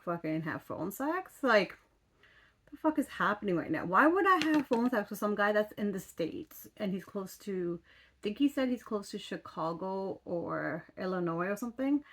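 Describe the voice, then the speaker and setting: A woman in her thirties telling a story in casual chat as a vlogger, exasperated, swearing casually and full of fillers. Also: lowish voice. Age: 30s.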